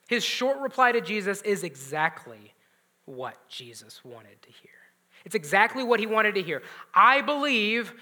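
A man preaching a sermon, swinging between loud emphatic lines and hushed, near-whispered asides. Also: high voice. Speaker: pastor.

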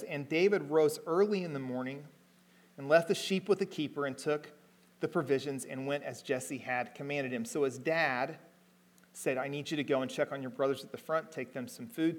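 A man preaching a sermon, reading scripture aloud and retelling it in plain everyday words, slowing down and lifting his voice to stress key words. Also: fairly high pitch. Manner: retells the story in everyday paraphrase between readings.

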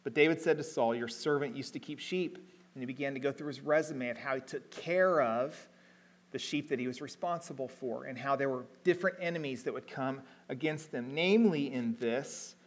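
A male preacher delivering a sermon, moving between read scripture and loose everyday retelling. His voice sits at an ordinary middle pitch, and he slows down and rises in volume to press home key words. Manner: retells the story in everyday paraphrase between readings.

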